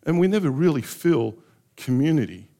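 A middle-aged pastor preaches with passion. His fairly high voice swoops widely as he acts out raw, honest prayers. He shifts between urgent pleading and quiet reflection. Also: expressive, normal speed. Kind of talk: sermon.

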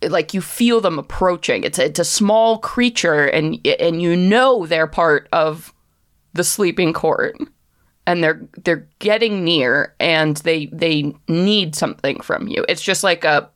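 A woman's voice: lowish voice, measured pace. A woman narrating a tabletop game as game master, chatty and hesitant, with many fillers.

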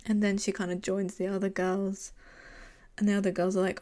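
A woman's voice: mid-range voice, little pitch movement, a little fast, warm tone. A young woman co-hosting a podcast, recapping a TV episode in casual chat and often acting out lines from the scenes with a giggle. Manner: chatty, giggly, retells scenes in quoted voices. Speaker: podcast co-host.

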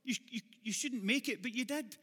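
A Glaswegian man preaching a sermon in a church hall, his voice high and bright. He mixes joking asides to the congregation with passionate, shouted calls. The sound carries a long hall reverb. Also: brisk, husky. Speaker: pastor.

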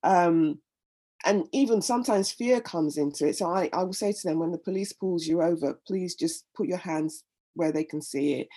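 A woman's voice: lowish voice, mellow, husky. A middle-aged woman, a guest in an interview, telling her own story in an earnest, heartfelt way, often repeating words as she gathers her thoughts. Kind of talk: candid personal interview.

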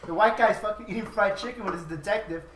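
A man's voice: high voice, quick pace, fairly bright tone, far from the mic, slight background noise. A man chatting casually and profanely, rambling and laughing as he retells a movie. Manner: laughing often, rambling, acting out quoted lines. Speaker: podcast host retelling a movie. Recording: roomy, off-mic with crowd chatter.

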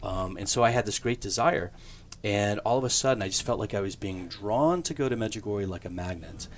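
Low-voiced man telling his faith story. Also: fairly quick, slight background noise. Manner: earnest, conversational, with fillers and self-corrections. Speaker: priest guest.

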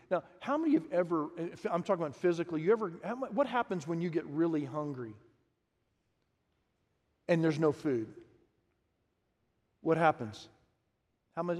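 A man preaching a sermon as pastor, animated, acting out quotes and asking the congregation questions. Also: on the high side, normal speed, long pauses. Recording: long reverb of a large hall.

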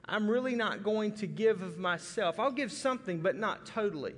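A man's voice: sits high, animated, moderate pace, fairly bright tone. A man from Arkansas preaching a folksy, conversational sermon with many restarts. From Arkansas, USA. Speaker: pastor. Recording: long hall reverb.

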